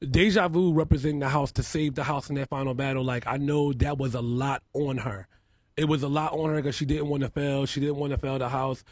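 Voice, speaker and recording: A man being interviewed on a radio show in a studio, telling stories about his work with lively energy and acting out what people said. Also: medium pitch, fairly quick, no room sound. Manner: animated storyteller, acts out quotes loudly. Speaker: makeup artist and house mother, guest.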